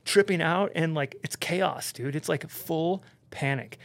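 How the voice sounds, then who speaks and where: A man, a podcast guest, telling a story in a casual, animated way, full of swearing and "like" and "dude". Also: on the high side, moderate pace, gravelly, dry recording. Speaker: podcast guest, pro snowboarder.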